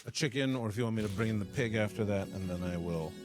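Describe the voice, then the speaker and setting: Low-voiced man in relaxed banter. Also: fast, over music. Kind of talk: casual chat.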